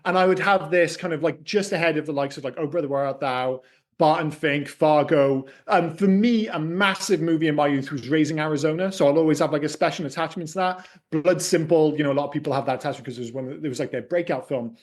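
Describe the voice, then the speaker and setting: A man's voice: fairly high pitch, quick pace. A man co-hosting a podcast, chatting casually about films, swearing freely and using lots of fillers. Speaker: podcast co-host. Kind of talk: casual film chat.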